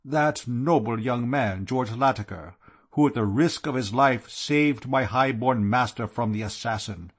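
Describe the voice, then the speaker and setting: A man's voice: medium pitch, a little slow, natural voice. A man voicing a stiff, formal male German count with a German accent, speaking in a courtly, ceremonious way. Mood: earnest.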